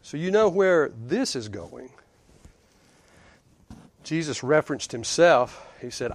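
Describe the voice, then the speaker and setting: A man preaching a conversational sermon, chuckling and rising for emphasis before dropping low. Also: expressive, measured pace, long pauses, no echo.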